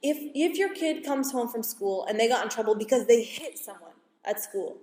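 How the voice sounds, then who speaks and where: A woman school psychologist giving a calm, explanatory parenting talk to an audience, now and then acting out what parents and kids say. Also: on the high side, normal speed. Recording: echoey hall from far off.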